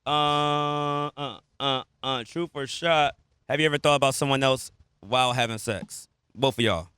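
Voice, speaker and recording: A man hosting a podcast, bantering loudly with profane jokes and frequent laughter in a studio. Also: medium pitch, unhurried, clear, resonant tone, dry recording. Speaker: podcast host. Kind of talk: casual chat.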